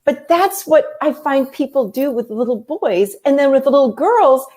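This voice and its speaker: Animated woman therapist, higher voice. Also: moderate pace. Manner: animated storytelling, acting out quoted voices. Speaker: therapist and life coach. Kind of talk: conversational explaining.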